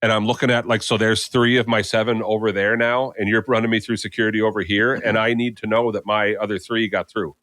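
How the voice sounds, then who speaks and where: A man's voice: on the low side, brisk, hardly any pauses, no room sound. Guy on a podcast telling a long airport story, casual, dry close sound. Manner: animated, acts out quoted people. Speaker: podcast co-host.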